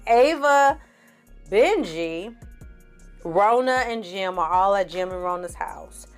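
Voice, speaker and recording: A woman's voice: mid-range voice, animated, takes it slowly, long pauses, faint music behind. A woman recapping and reviewing a movie in a casual, blunt and profane way, full of sarcastic asides. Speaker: film reviewer.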